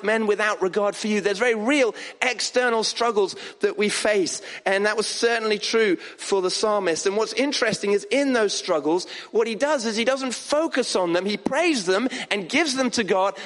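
A man preaching a sermon as pastor of a church, earnest, moving between soft quiet passages and raised emphatic ones. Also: high-pitched. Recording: long hall reverb.

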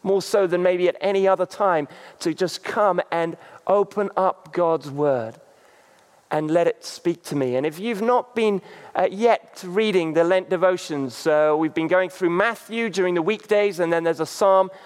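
A man preaching a sermon as a pastor, halting, with many fillers. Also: high-pitched. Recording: long reverb.

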